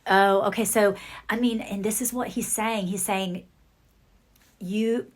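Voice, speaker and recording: A woman giving a channelled psychic reading, relaying messages in halting bursts with soft murmured asides. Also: medium pitch, fairly even intonation. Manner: hesitant, relaying what she hears in bursts. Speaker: psychic reader.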